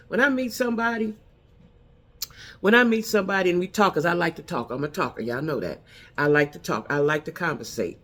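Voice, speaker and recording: Middle-aged woman, vlogger-style advice talk, emphatic, repeats herself for weight. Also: sits low. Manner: emphatic, repeats key lines for effect. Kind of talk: casual advice monologue.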